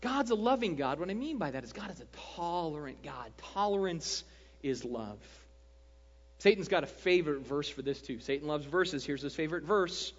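A man preaching a sermon as pastor, animated and joking, often checking in with the congregation. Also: on the high side, moderate pace. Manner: animated, joking, keeps asking "right?". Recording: dull lo-fi sound, long hall reverb.

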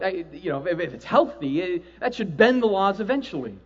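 A man preaching a sermon to a live audience, animated, acting out quoted voices and often asking "right?". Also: high voice, a little fast, hardly any pauses, lo-fi sound. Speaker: pastor.

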